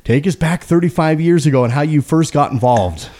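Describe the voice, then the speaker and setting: A man's voice: on the high side, brisk, darkish tone. A man hosting a live morning radio show, introducing his guest in an upbeat way, with a few fillers. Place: radio studio.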